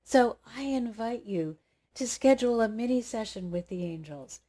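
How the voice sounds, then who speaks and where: A woman host telling a personal anecdote straight to her viewers, lively and expressive. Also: fairly high pitch, normal speed. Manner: animated storyteller, acts out dialogue. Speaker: spiritual coach and channel host. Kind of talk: personal anecdote told to camera.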